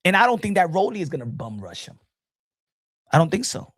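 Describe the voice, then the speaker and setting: A middle-aged man hosting a casual boxing talk show, animated and repetitive, talking straight to his viewers in the chat. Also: sits high, fairly quick, no echo, clean studio sound. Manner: animated, repeats himself, addresses folks in the chat.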